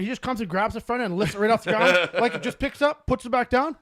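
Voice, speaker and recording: A man with a notably high voice for his sex co-hosts a podcast. He talks in loose, crude banter and tells stories with plenty of laughter. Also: quick pace, fairly bright tone. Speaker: podcast co-host. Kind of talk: casual chat.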